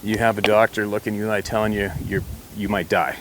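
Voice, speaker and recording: A man's voice: lowish voice, flat delivery, fast talker, noisy background. Man rambling through a personal story. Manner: rambling and blunt, swears mildly, restarts often. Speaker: vlogger telling a personal story. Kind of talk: casual storytelling to camera.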